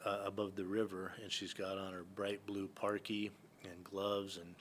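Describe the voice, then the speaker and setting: In a casual podcast interview, this guest, an entrepreneur and hunting guide from Northern California, speaks in a low, flat voice at a moderate pace. His stories ramble with lots of fillers and restarts, and a little hiss or hum sits under the recording.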